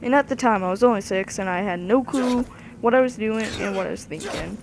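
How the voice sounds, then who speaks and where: A male speaker casually telling a rambling, animated story about his childhood while someone plays a video game. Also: sits high, brisk, creaky, background noise. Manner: rambling, animated, with lots of "anywho". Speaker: storyteller over gameplay.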